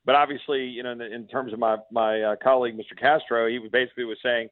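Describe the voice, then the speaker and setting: Calling in by phone to a radio interview, this Texas congressman talks fast at a medium pitch with fairly even intonation. He is fiery and emphatic and keeps restarting his sentences. The recording is a dry, tinny phone line.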